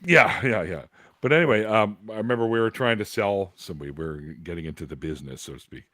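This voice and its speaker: Lively canadian guy in his 40s, low voice, swoopy pitch, laughs and does voices while telling stories, dry sound. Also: fast, dry recording. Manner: animated, laughing storyteller who acts out voices. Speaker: guest. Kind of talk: casual storytelling chat.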